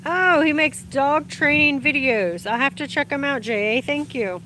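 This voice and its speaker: Out in the sunshine, a woman livestreams from her phone, reading comments and chatting casually with viewers. She greets them warmly and laughs often, her high-pitched voice moving at a normal speed. Slight background noise is present.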